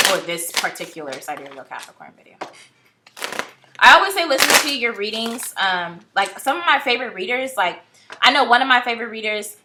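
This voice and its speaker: Bright-voiced woman doing a chatty tarot vlog. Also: mid-range voice, a little hiss or hum. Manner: chatty, blunt, animated, swears. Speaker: tarot reader. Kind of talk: casual tarot reading vlog.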